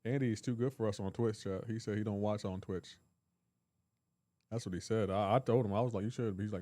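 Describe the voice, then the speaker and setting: A man's voice: lowish voice, steady tone, fast, warm tone, no echo. A man hosting a live game stream, chatting casually and joking while reading and answering chat messages. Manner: joking, reads chat aloud.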